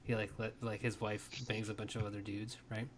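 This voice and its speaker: A man's voice: fairly low pitch, little pitch movement, brisk. Digressive man, faint noise behind. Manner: digressive, filler-heavy. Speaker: podcast guest. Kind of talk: casual chat.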